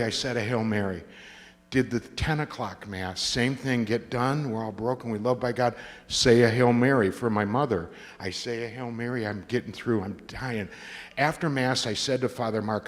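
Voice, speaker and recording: A man's voice: mid-range voice, moderate pace. A man giving a testimony talk, telling his story with comic timing and acting out the voices of the people he quotes. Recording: long reverb of a large hall.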